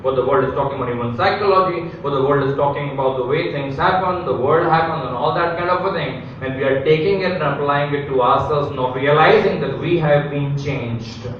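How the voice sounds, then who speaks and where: A man's voice: a little high, fairly quick, hardly any pauses, muffled recording, a little hiss or hum. A male pastor preaching a live sermon, emphatic, with repeated phrases and rhetorical questions. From India. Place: large church hall. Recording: very echoey hall, mic at a distance.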